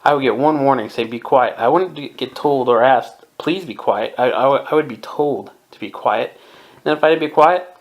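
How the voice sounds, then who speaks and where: A man's voice: mid-range voice, fairly quick. A man in his twenties from Southern California, giving his opinions in a casual podcast monologue and chuckling often. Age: 20s. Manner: opinionated, chuckles often, mimics people in quotes. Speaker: podcast host.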